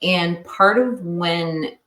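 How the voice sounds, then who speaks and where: A woman hosting a casual livestream chat, chatty and quick with asides. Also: on the low side, fairly bright tone. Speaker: host. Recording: echoey room, mic at a distance.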